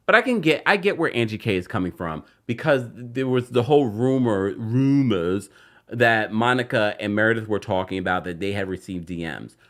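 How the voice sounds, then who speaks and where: Man, recap host, casual chatty commentary, lively pitch, mid-range voice. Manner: animated, chatty, jumps up in pitch for emphasis.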